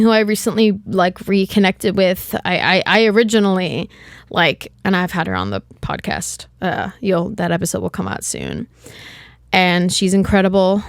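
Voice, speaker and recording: A woman's voice: medium pitch, no echo, studio quality. Candid, rambling young woman podcaster. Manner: rambling, candid, swears casually, many restarts. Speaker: podcast host. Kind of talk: solo podcast monologue.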